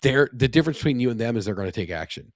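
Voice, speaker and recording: A middle-aged man co-hosts a podcast in loose conversation. He rambles and keeps restarting his sentences around plenty of fillers. His voice sits at an ordinary male pitch, recorded close and dry, with no room echo. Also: lively intonation, rapid-fire. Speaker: podcast co-host. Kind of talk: casual podcast chat.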